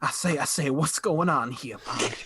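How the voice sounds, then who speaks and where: A man's voice: mid-range voice, moderate pace, very noisy. A man playing a character in a tabletop game, joking and laughing with the table. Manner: jokey, laughing player. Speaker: player. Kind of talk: casual tabletop play.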